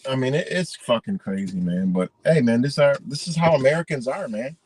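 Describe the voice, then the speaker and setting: A man's voice: mid-range voice, lively intonation, fairly quick, darkish tone, breathy edge, dry recording, low-quality recording. A man ranting indignantly in a profane, rambling monologue.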